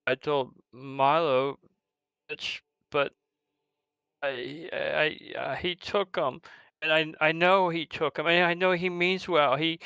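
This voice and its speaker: A man's voice: fairly high pitch, creaky, bright, forceful tone, smooth, dry recording, pitched above the performer's own voice, heavily acted, rough recording. A man doing a stammering timid orphan boy. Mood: tearful. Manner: stammering, hesitant.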